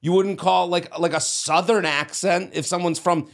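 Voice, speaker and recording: A man from outside Boston talks on a podcast, his voice sitting a little high. He is animated and laughs often, breaking into quick asides and restarts. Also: gravelly. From outside of Boston, Massachusetts. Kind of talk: casual podcast chat.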